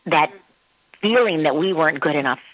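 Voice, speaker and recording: A woman's voice: low-pitched, expressive, moderate pace, dry recording, muffled recording. Woman parenting expert, dry close sound. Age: adult parent. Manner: acts out a child's voice in quotes. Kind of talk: casual advice talk.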